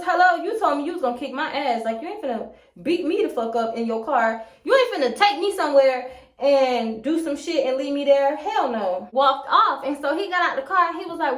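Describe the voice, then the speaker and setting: Young woman vlogger, high voice, sassy and profane, casual storytelling, echoey room. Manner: sassy, profane, animated retelling with playful asides.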